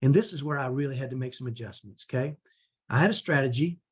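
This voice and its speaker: Husky middle-aged man coaching parents. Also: mid-range voice, quick pace. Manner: conversational, often ends points with "right?". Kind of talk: teaching talk to parents.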